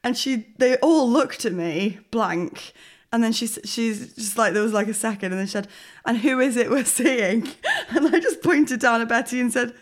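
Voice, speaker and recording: A woman's voice: fairly high pitch, normal speed. A young woman, a podcast co-host, telling an embarrassing story in casual chat with frequent laughter. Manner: giggly, animated storytelling.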